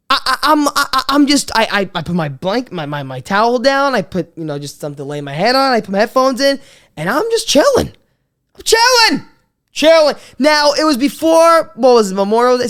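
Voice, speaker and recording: A woman in her twenties hosting a podcast, telling a comic story in an animated, swearing way with stammered restarts. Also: medium pitch. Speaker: podcast host. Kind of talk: comedic storytelling monologue.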